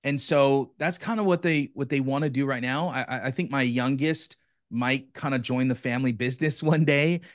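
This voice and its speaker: A man with an average-pitched voice talks energetically as a podcast guest. He is enthusiastic and casual and often says "bro". The sound is dry and close to the mic. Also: moderate pace, dry recording. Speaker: podcast guest, business coach. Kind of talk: casual chat.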